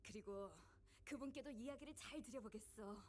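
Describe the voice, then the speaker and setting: A woman's voice: fairly high pitch, rapid-fire, a little mellow, slight background noise, lightly acted. A woman voicing a sly young woman in a game who bargains for her life, with a cool, taunting delivery. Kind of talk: dubbed game dialogue.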